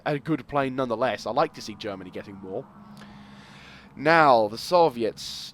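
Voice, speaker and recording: A young man hosting casual game commentary, excitable and rambling, with loud exclamations. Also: medium pitch. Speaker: gaming video host.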